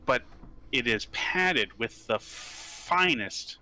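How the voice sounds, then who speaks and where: A man's voice: mid-range voice, animated, drawn-out words, a crowd in the background, rough recording. A man playing a tabletop game, chatting casually in a rambling, jokey way.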